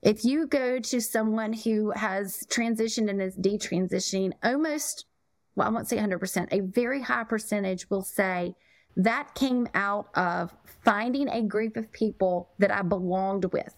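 A woman talks in an earnest, emphatic conversational style, sometimes going back over a word as she gets her point across. Her voice sits at an ordinary pitch for a woman. It is recorded close on a mic, with a dry sound and no room echo. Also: measured pace. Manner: earnest, emphatic, repeats words. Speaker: podcast guest, parenting coach. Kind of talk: conversational interview.

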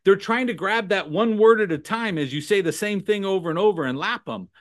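A man talking as a sales trainer guest in a podcast conversation, animated and punctuating points with "right?" and "okay?". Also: high-pitched, a little fast. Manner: animated, acts out phone calls in put-on voices.

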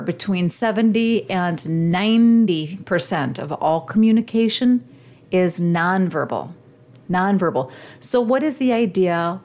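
A woman's voice: mid-range voice, darkish tone. A woman hosting a show, giving an earnest coaching talk straight to her listeners. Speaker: podcast host. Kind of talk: motivational teaching monologue.

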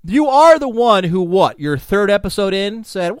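A man's voice: sits high, sing-song, normal speed, clean tone, no room sound, studio quality. A man hosting a podcast, telling rambling, profane stories in casual chat. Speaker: podcast host.

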